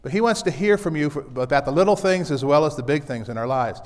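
Man, pastor, relaxed folksy preaching, repeats key lines, fairly high voice, long church reverb. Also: fast. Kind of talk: casual conversational sermon. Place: church sanctuary.

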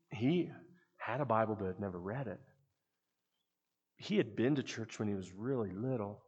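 A middle-aged man preaching a sermon, telling stories in an earnest way that often trails off softly. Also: medium pitch, creaky, slightly rough. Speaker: pastor.

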